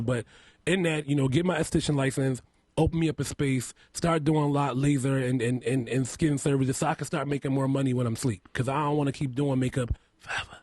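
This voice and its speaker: A man's voice: mid-range voice, a little mellow, breathy edge, dry recording. A man with a lisp, a guest on a casual radio interview, talking candidly, laughing often and repeating himself. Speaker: interview guest, makeup artist. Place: radio studio.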